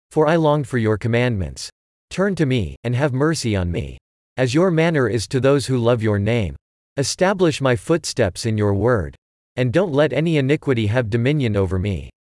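Male scripture reader, varied intonation, dry close sound, measured recitation. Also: medium pitch, darkish tone, dry recording.

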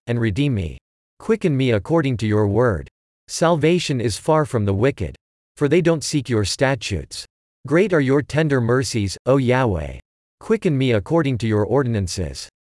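Male scripture reader, varied intonation, dry close sound, measured recitation. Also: medium pitch, a little mellow, dry recording.

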